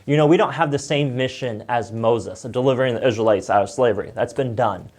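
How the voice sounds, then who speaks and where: A man's voice: mid-range voice, fairly quick, darkish tone. A man teaching an online Bible lesson review in a conversational way, with frequent fillers. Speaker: church teacher.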